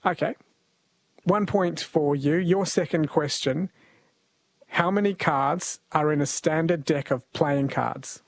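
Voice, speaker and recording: A man's voice: fairly high pitch, slow, no room sound. An Australian man hosting a radio quiz show, chatty and jokey, laughing often. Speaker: radio host. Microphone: studio mic.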